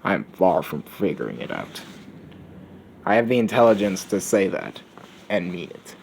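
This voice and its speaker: A man's voice: sits low, very animated, moderate pace, vocal fry, a little mellow, a little hiss or hum, voice pushed down, full character voice. A man voicing a brash, cynical young male hero in a Rick-like manner, rambling and crude, recorded on a phone. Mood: brooding. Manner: crude, rambling, coughs between lines.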